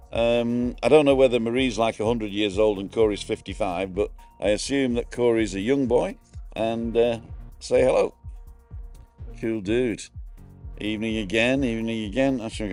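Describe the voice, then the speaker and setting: A man's voice: lowish voice, darkish tone. A middle-aged man casually chatting on a live stream from a bar, greeting viewers by name and wearing earphones.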